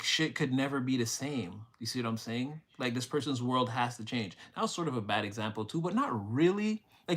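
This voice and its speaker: A man's voice: a little high, a bit bright. A young man giving a live-streamed tarot reading, rambling and emotional, swearing casually as he talks to his chat. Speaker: tarot reader.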